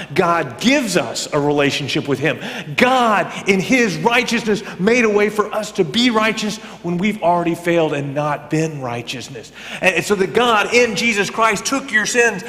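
A man preaching a sermon as a pastor, talking conversationally and swinging between loud emphatic bursts and quiet, almost whispered lines. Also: sits high. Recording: long hall reverb.

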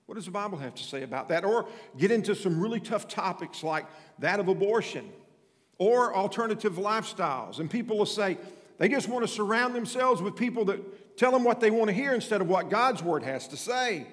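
A man's voice: high-pitched, lively intonation, a little fast. A man preaching a sermon as pastor, emphatic and repeating his points, calling on members of the congregation by name. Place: church sanctuary. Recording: church hall with long reverb.

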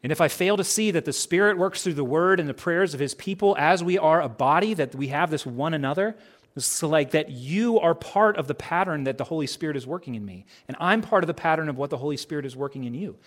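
Conversational preaching man, slightly high voice. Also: animated, fast talker. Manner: conversational, acts out quoted dialogue; uses many rhetorical questions. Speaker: pastor. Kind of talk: sermon.

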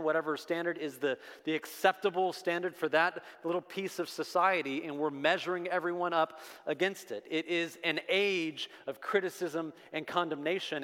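A man's voice: on the high side, a bit bright. Man preaching in an echoing hall. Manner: emphatic preaching, rising with repeated refrains. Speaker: pastor. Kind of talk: sermon. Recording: long hall reverb.

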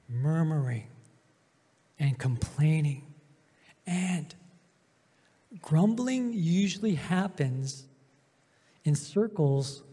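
A man preaching a sermon as pastor, emphatic, with drawn-out pauses and swings between loud and soft. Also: a little high, breathy edge. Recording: long hall reverb.

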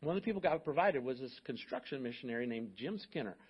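A man's voice: mid-range voice, lively intonation, fast talker, husky, dull audio. A middle-aged man, a pastor telling stories in a sermon with joking asides to his church. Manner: conversational, joking asides to the congregation. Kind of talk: storytelling sermon. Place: church sanctuary.

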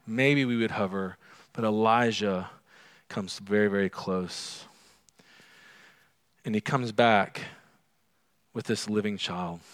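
A pastor preaching a conversational sermon to his congregation, swinging from loud and emphatic to quiet and hushed, often asking the listeners questions. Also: lowish voice.

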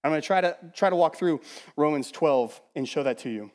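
A man preaches a sermon in a slightly high voice. He is animated and emphatic, repeats words to build his points, and drops to quiet asides. His voice carries a long reverb, like a big church hall. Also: a little fast. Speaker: pastor.

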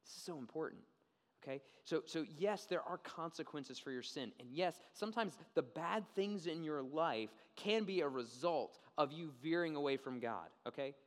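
A young man preaching a sermon, telling a story in a casual, animated way and often checking in with "okay?". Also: on the high side, normal speed. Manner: animated storytelling, acts out quoted voices. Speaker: pastor. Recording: long reverb of a large hall.

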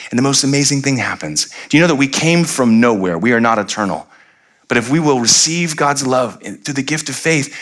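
Here a pastor preaches with great expressiveness, his volume rising to loud, animated highs and dropping to soft, low stretches. He poses rhetorical questions and slips in conversational asides before easing into a hushed, unhurried reading of scripture.

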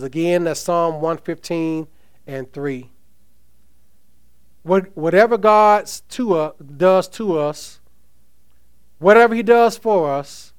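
Man, pastor, emphatic sermon delivery, fairly high pitch, smooth resonant voice. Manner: emphatic preaching, reads scripture aloud, asks the congregation questions.

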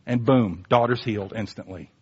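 A male preacher giving a conversational sermon, emphatic, swinging between quiet asides and animated bursts. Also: lowish voice, moderate pace, slightly rough, dull audio.

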